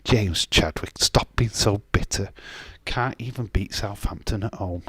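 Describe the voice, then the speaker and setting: A man's voice: lowish voice, unhurried, a bit bright, slightly rough, dry recording. A man, casually chatting on a live stream and bantering with chat comments, swearing now and then.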